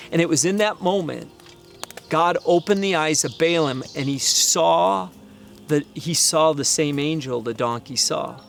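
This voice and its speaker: A middle-aged man preaching, an animated storyteller who acts out the voices in the story. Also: fairly high pitch, measured pace, gravelly. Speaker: pastor. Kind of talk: sermon storytelling.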